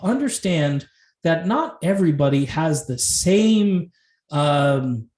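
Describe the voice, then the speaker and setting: Male host, fairly high voice, chatty and animated, roomy echoey sound. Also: slow pace. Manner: chatty and animated, laughing often, with frequent rhetorical asides. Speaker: host of a music commentary channel. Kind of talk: casual video commentary.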